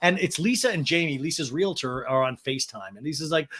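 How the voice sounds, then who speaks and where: A man with a high, bright, forceful voice runs through a casual reality-show recap. He talks in a chatty, wry way, often breaking into laughter as he goes. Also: animated, fairly quick, husky. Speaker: podcast host.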